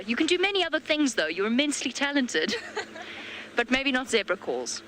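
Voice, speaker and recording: A woman's voice: high voice, big pitch swings, fairly quick, fairly bright tone, a little hiss or hum. A woman presenting a live safari broadcast in a playful, teasing chat style.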